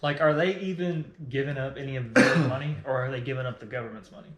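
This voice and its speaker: A man's voice: mid-range voice, quick pace, fairly bright tone, reverberant. A young man, co-hosting a podcast and telling stories in casual, profane chat. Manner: storytelling, swears casually. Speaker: podcast co-host.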